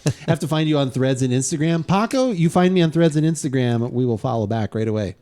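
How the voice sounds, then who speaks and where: A male podcast host chatting casually and cracking jokes. His voice is mellow and dark, and his pitch moves a lot as he talks. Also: lively intonation, fast. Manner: chatty and joking.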